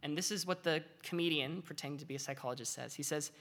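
Bright, animated woman teaching the Bible. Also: sits low, quick pace, hardly any pauses. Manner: animated, conversational, earnest. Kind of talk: devotional teaching talk.

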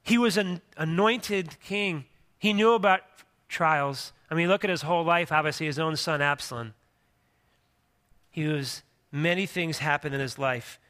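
A middle-aged male pastor preaching with a high, bright, forceful voice. He talks to the congregation conversationally, tossing in jokes and restarting sentences as he goes. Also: a little slow. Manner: conversational, joking asides, frequent restarts. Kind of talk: sermon.

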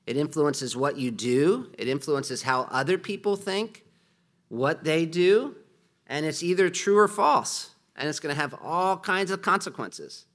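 A man's voice: on the high side, measured pace, a bit bright. A middle-aged man teaching as a pastor, talking through his points in a conversational way and acting out quoted speech. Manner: conversational, with frequent restarts and acted-out quotes. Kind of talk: sermon-style teaching.

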